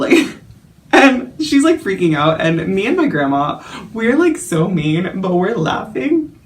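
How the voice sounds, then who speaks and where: A man's voice: sits high, very animated, measured pace. A young man telling a story in a casual vlog, chatty and self-mocking, full of fillers and laughs. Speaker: vlogger.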